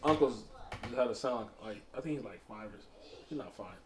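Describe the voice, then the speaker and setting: A man in casual chat, telling animated stories and acting out the voices of children. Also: medium pitch, brisk, a crowd in the background. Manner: animated storyteller, acts out kids' voices.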